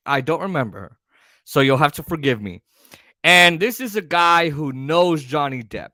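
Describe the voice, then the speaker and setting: Man, casual commentary host, rambling with fillers, fairly high, bright, dry close sound. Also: no echo. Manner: rambling, many fillers and restarts.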